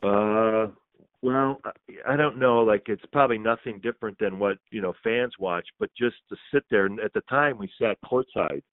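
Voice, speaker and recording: A man with a fairly low voice, a radio sports broadcaster, speaks thoughtfully and grows more enthusiastic. The audio is dull and slightly lo-fi. The room sound is dry. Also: moderate pace, no room sound. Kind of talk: reflective interview answer.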